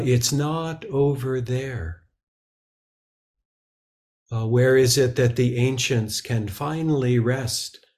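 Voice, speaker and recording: Slow, halting man giving a Zen talk. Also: mid-range voice, darkish tone. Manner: slow and halting, many filler sounds. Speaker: Zen teacher. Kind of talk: dharma talk.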